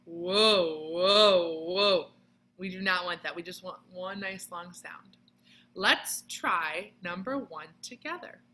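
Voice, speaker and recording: A woman teaching a children's music lesson on video, explaining each step patiently and clearly with sung demonstrations. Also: lowish voice, measured pace, bright, forceful tone, slight background noise, poor audio.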